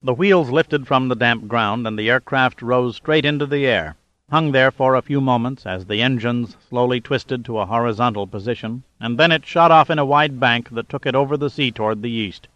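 A man narrating a thriller audiobook in a steady dramatic reading. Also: mid-range voice, moderate pace, dry recording, muffled recording. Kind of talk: scripted narration.

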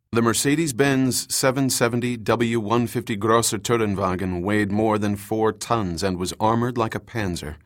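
Male audiobook reader, somewhat low voice, steady dramatic delivery of a thriller. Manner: measured, dramatic storytelling. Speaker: audiobook narrator. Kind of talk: scripted audiobook narration.

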